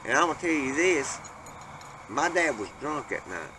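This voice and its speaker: A man with a drawl tells a family ghost story, folksy and full of cussing, voice at an everyday middle pitch. He gets lively when quoting his family. A steady noisy hiss sits under the recording. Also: moderate pace. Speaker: panel storyteller. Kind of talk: casual storytelling.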